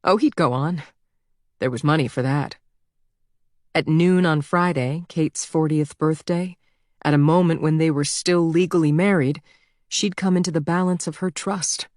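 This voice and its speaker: A low-pitched woman reads a thriller audiobook in a measured, even storytelling style. The recording is close-miked and dry.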